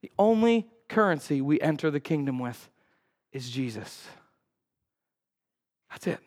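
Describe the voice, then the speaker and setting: A man preaching a sermon as pastor, telling a story with lively acted-out quotes and sudden loud cries. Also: unhurried, in a large hall. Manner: animated storytelling, acts out quotes with sudden high outbursts. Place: church sanctuary.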